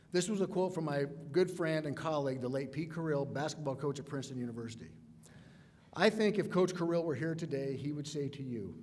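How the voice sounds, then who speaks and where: A man's voice: medium pitch, expressive, fairly quick, darkish tone. Man giving a speech in a hall. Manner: emphatic, repetitive refrains. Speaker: commencement speaker. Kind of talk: ceremonial speech. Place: large hall. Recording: reverberant hall, faint background noise.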